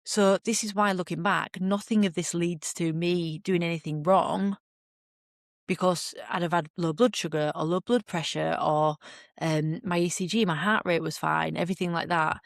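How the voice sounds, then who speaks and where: A woman's voice: lowish voice, fairly even intonation, normal speed, vocal fry, dry recording, clean studio sound. A woman hosting a podcast, frankly recounting a personal story in a chatty way and acting out her own reactions. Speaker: podcast host. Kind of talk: candid storytelling monologue.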